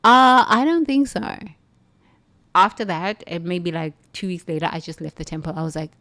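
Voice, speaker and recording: A woman from the United States, a former nun, telling a spiritual story in an emphatic, animated way. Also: lowish voice, normal speed. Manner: animated, emphatic, laughs between lines.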